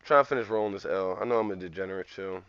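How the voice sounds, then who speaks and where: A man's voice: low-pitched, racing, a bit bright, clear, resonant tone, dry recording, lo-fi sound. A man streaming live, ranting profanely and rambling in a heated, casual way. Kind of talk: live-stream commentary rant.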